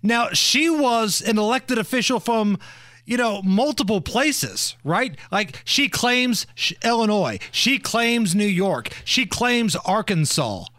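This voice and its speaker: A man's voice: high voice, expressive, slow pace, fairly bright tone, dry recording. A man co-hosting a political podcast, speaking in a mocking, casual tone and laughing often. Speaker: podcast co-host.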